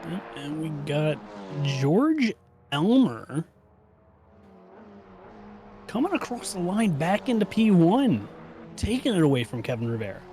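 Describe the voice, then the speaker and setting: A man co-commentating a sim race live, calling the on-track action in a relaxed, unhurried way. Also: a little high, a little hiss or hum.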